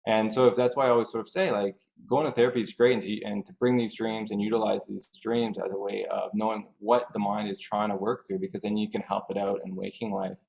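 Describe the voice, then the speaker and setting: Gravelly low-voiced man explaining. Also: little pitch movement, fast talker, hardly any pauses, darkish tone. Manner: thoughtful, explains through examples. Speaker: grief dream researcher, guest. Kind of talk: podcast interview, explaining. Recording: dull lo-fi audio.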